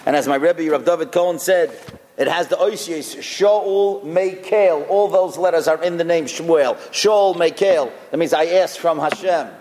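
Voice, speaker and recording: A man, a rabbi, giving a sermon full of stories, told in an animated, expressive way. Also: fairly high pitch, a little slow. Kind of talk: sermon with storytelling. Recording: long hall reverb.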